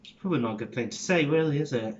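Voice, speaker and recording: A man's voice: medium pitch, animated, rapid-fire, a little mellow, lo-fi sound. A man rambling casually through an accent tutorial, swearing and interrupting himself. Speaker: vlogger and acting student.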